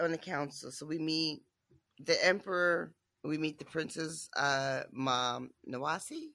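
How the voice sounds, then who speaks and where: A podcast co-host in casual book discussion chat, talking in an animated way with frequent laughs and fillers. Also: mid-range voice, measured pace, creaky.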